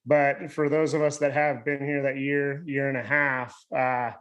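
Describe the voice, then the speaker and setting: A man's voice: mid-range voice, little pitch movement, a little slow, fairly bright tone, muffled recording. A man in his thirties on a virtual panel, chatty and upbeat, talking at length.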